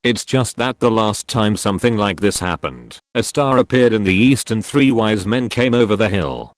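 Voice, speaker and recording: A man voicing a deadpan male doctor in a spoken joke. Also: on the low side, moderate pace, no echo, close to an everyday voice.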